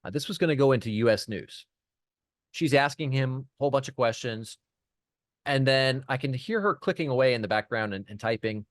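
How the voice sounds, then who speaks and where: A man speaking as a podcast guest, his voice sitting in an ordinary middle pitch. The sound is dry and close with no room echo. He tells his story casually, stacking up restarts as he goes. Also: fairly quick. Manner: animated anecdote teller, many restarts. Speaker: podcast guest, PR firm founder.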